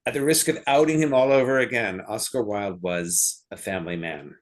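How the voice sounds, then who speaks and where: Man, author talk, lowish voice, measured pace, dry humorous asides. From United States. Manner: measured delivery with wry asides. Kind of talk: prepared talk to a literary society.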